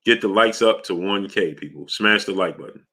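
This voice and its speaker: Man, live stream host, deep voice, bright forceful tone, casual comment-reading chat. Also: normal speed. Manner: shouts out viewers by name, asks for likes.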